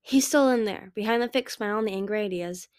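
A woman's voice: medium pitch, quick pace, a little mellow, clear, resonant tone, no room sound, studio quality, lightly acted. A woman voicing an anxious young female dragon seer, speaking urgently and with worry.

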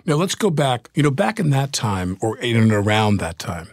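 A man's voice: medium pitch, very animated, moderate pace, no echo, clean studio sound. A man hosting an interview podcast, asking questions in a playful, joking way. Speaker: podcast host. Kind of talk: conversational interview.

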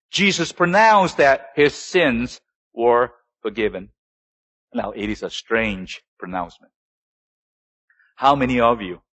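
A man's voice: a bit bright, rough recording. A man preaching a sermon as pastor, asking the congregation rhetorical questions and swinging his voice up and down for emphasis. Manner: preaching with rhetorical questions and sudden rises and drops in pitch.

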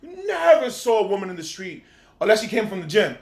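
Man, podcast host, high voice, blunt, profane, casual chat. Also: sing-song, fast, gravelly.

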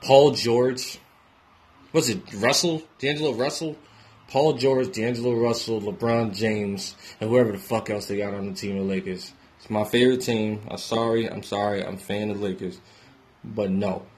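A young man from New York rants casually and profanely, shifting between loud outbursts and low mutters. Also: fairly even intonation, normal speed. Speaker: independent musician giving sports opinions. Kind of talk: casual ranting monologue.

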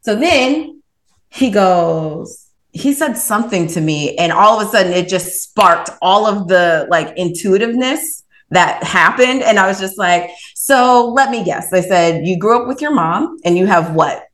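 Animated woman telling a story. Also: medium pitch, unhurried. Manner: animated, retells her own dialogue with lots of "I was like". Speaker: podcast guest, author and reiki practitioner. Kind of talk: casual storytelling.

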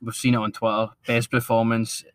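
A man co-hosting a football podcast, giving measured opinions in casual chat. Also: mid-range voice, completely flat delivery, clean tone, no room sound. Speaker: podcast co-host.

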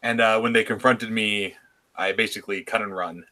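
A man's voice: lowish voice, fairly even intonation, normal speed, sharp tone. A man playing a tabletop roleplaying game, describing his character in a hesitant way with many fillers. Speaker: player. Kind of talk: casual tabletop play.

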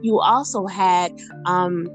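A woman co-hosting a casual talk show, animated and quick to laugh. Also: soft background music. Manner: animated, laughs often, high squeals of laughter. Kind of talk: casual chat.

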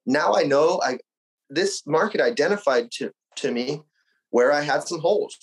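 Husky, blunt-talking guest from Arizona. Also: male voice, on the high side, moderate pace, low-quality recording. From Arizona, United States. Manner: energetic, blunt and profane. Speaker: podcast guest. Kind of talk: casual conversation.

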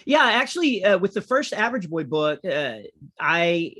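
Animated storytelling comedian, middle-aged man. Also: high-pitched, moderate pace. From United States. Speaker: comedian and author guest. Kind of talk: conversational interview.

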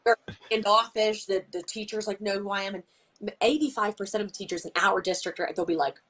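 A woman's voice: mid-range voice, brisk, a bit bright. A woman guest in a casual interview, talking chattily with lots of "like" and acting out conversations she retells. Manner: chatty, peppered with "like", acts out quoted exchanges. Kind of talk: casual chat.

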